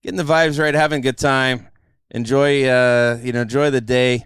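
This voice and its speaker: Animated storytelling man, podcast host. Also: mid-range voice, moderate pace, smooth, no room sound, studio quality. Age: middle-aged. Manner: animated storyteller, acts out quotes. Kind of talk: casual chat.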